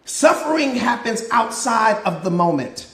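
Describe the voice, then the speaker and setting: Male motivational coach, very high pitch, preacher cadence, roomy echoey sound. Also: big pitch swings, unhurried, creaky, a bit bright. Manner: preacher-like, repetitive rhetorical questions and answers. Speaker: mindset coach. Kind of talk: live motivational talk.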